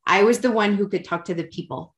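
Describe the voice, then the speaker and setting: A woman's voice: mid-range voice, quick pace. A woman talking as a podcast guest from home, candid and chatty, with an emotional, self-mocking way of talking. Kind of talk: candid personal conversation.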